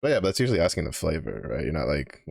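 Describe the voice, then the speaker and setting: A man's voice: a bass voice, very animated, rapid-fire, gravelly, a little mellow, no echo, clean studio sound. A man with a Texan accent streaming a game, talking in a rambling, casual way and swearing often. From Texas. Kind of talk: casual chat.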